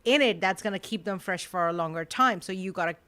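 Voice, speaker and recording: A woman's voice: on the low side, fast, fairly bright tone. A woman co-hosting a podcast, chatting casually and filling her talk with "like" and "you know". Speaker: co-host.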